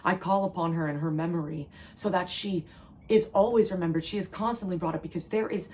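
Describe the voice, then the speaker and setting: A woman's voice: lowish voice, brisk, darkish tone, low-quality recording. A young woman from New Jersey giving an earnest, emotional spiritual channeling reading as a tarot reader. She rambles, restarts and circles back on her words.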